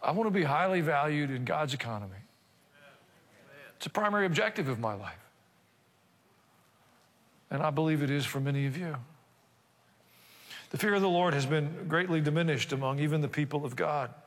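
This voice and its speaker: Older pastor preaching in an echoing hall. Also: male voice, fairly high pitch, expressive, normal speed, long pauses. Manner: conversational preaching with asides and rhetorical questions. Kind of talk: sermon. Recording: reverberant church hall.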